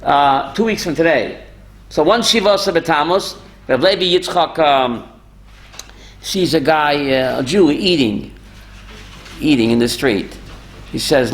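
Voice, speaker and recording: A man, a rabbi, telling stories in a lively talk and quizzing his listeners. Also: a little high, measured pace, pauses often, slight background noise. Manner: animated, asks the audience questions. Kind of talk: storytelling Torah talk with audience.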